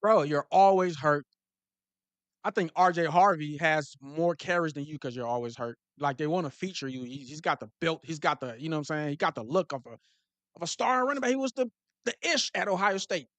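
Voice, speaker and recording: Animated man riffing on football. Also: fairly high pitch, fairly quick, no echo. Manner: animated, repetitive restarts and slang. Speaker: football talk show host. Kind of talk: casual sports commentary to live viewers.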